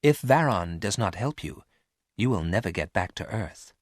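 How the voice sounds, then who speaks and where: A man voicing a quiet all-knowing robot. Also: fairly low pitch, normal speed, noisy background, close to an everyday voice. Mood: warning. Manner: quiet, even.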